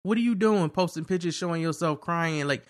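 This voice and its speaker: A man co-hosting a podcast, ranting in a loose, profane, animated way during casual chat. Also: a little high, a little fast. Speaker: podcast co-host.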